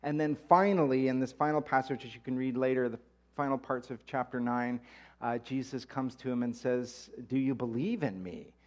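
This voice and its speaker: A man's voice: mid-range voice, moderate pace, a little mellow. A man preaching a sermon, reading scripture aloud in a conversational way and animating the quoted voices.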